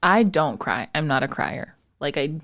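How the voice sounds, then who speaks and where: A young woman chats on a podcast and tells a story about her day. Her pitch swings widely as she acts out what people said, and she swears often and freely. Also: normal speed. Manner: animated storytelling, acts out quotes, frequent swearing. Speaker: podcast co-host. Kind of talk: casual chat.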